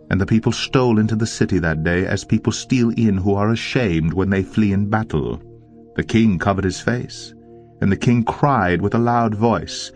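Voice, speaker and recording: A man reading scripture aloud in a measured, deliberate narration. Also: low-pitched, a little mellow. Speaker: audio Bible narrator. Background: faint music.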